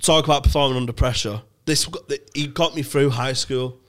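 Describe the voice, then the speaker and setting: A young man, chatting casually as a comedy podcast co-host. He tells long, sweary stories full of restarts and asides, in a voice of ordinary pitch for a man. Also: steady tone, a little fast, a bit bright. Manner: rambling, sweary storytelling with restarts. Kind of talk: casual storytelling chat.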